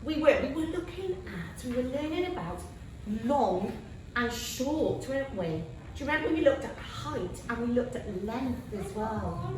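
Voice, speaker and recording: A woman teaching a class of young children, lively and full of encouraging praise. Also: a little high, measured pace. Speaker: primary school teacher. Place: large classroom. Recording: echoey classroom from far off, noisy.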